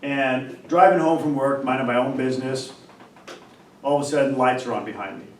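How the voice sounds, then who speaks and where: A man, a professor, talking in an animated, emphatic way and telling a story, often repeating and restarting words. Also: medium pitch, fairly quick. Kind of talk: animated casual discussion and storytelling. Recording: roomy, distant mic, faint background noise.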